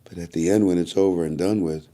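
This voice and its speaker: A man with a lowish voice talks straight to his viewers in a loose, wandering monologue. His tone is dark and mellow, and he circles back to say the same things again and again. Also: fairly even intonation, fast. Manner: repeats himself often; chatty and preachy, asides to viewers. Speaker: YouTube vlogger. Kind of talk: casual rambling monologue to viewers.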